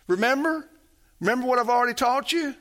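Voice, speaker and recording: A man preaches a sermon at a fast clip, swinging from loud, emphatic phrases to soft, low asides. He calls out to the congregation for responses.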